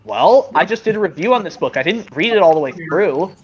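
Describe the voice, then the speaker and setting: Lively-voiced streamer on a muffled call. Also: mid-range voice, fairly quick. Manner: eager, repeats and restarts phrases. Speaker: streamer showing a book collection. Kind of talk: casual video-call chat. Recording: muffled call audio with steady noise.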